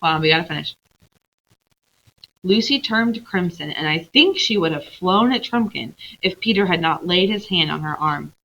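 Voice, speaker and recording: A woman's voice: fairly low pitch, lively intonation, moderate pace, a bit bright, lo-fi sound. A woman teacher reading a novel aloud to her class and explaining it to the pupils as she goes.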